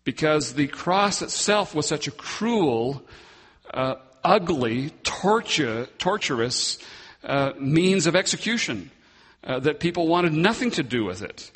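A man preaching a sermon as pastor, slow and emphatic, with long dramatic pauses. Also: on the high side, very animated, fairly bright tone, breathy edge, in a large hall.

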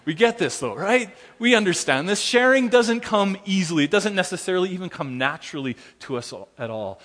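Earnest pastor in a reverberant hall. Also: male voice, on the high side. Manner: earnest, with gentle self-deprecating humor. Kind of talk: sermon with opening prayer.

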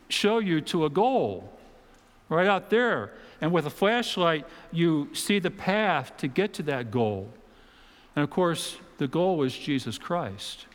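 A man preaching a sermon in a church auditorium, talking in a conversational way with dramatic pauses and the odd mock voice. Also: on the high side, big-room sound. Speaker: pastor.

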